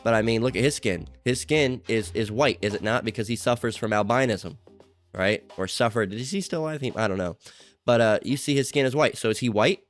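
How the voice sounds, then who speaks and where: A man's voice: medium pitch, fairly quick, faint music behind. A man rambling in casual commentary as he reads out online comments, full of fillers and swearing, at times getting heated.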